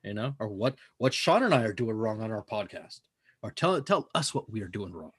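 A man's voice: on the low side, very animated, brisk, husky, no echo, studio quality. A man co-hosting a podcast, talking in a casual, profane, emphatic way that rambles from point to point. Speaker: podcast co-host.

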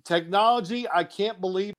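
A man, a former quarterback, telling stories as a guest in an animated, laughing way and acting out quotes. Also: sits high, normal speed. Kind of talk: casual phone-in storytelling.

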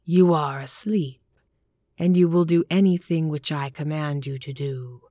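A woman's voice: deep voice, steady tone, warm tone, dry recording, studio quality. A woman doing a sinister, sonorous male stage hypnotist. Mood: hypnotic. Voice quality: sonorous, slow, purring. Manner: measured and commanding, mocking.

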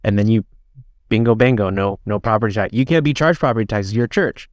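A man's voice: on the low side, fast talker, dry recording, studio quality. A man in a casual podcast chat, laid-back and crude, joking dryly.

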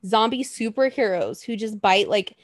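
A woman's voice: medium pitch, normal speed, no echo. A woman co-hosting a casual chat, rambling and joking, swearing freely. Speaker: podcast co-host.

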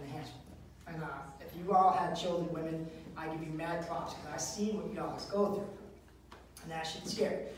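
A man performing a stand-up comedy set, telling stories with an animated delivery and acted voices. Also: on the high side, slight background noise. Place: live comedy venue. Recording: echoey room, distant mic.

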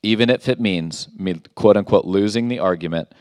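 A man's voice: on the low side, a little fast, darkish tone, no echo, studio quality. Emphatic male pastor preaching. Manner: emphatic, rhetorical questions, reads scripture aloud. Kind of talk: sermon.

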